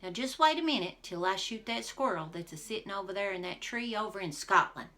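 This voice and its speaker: A woman voicing a folksy male sharpshooter, speaking in a slow drawl in a storybook read-aloud. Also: medium pitch, expressive, pushed and bright. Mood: boastful.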